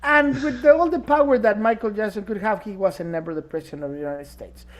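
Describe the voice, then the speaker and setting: A man's voice: high-pitched, fast talker, a loud crowd. A man co-hosting a casual podcast discussion, talking emphatically and rhetorically, sometimes searching for words. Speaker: podcast co-host. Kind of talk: casual chat.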